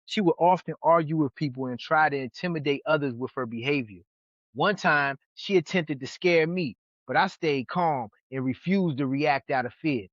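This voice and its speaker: Guy from new york spinning wild stories on a podcast, kinda high voice, dry muffled mic. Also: normal speed, no room sound. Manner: animated, acts out other people's lines in his stories. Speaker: podcast host. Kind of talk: casual storytelling chat. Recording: dull lo-fi sound.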